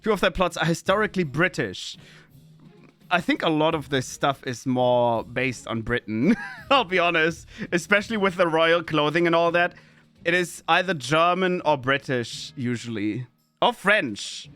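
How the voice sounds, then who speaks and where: Man, streamer, animated pitch, chatty gameplay commentary, laughs a lot. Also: moderate pace, faint music behind. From Austria. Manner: chatty, laughs often, reads game text aloud.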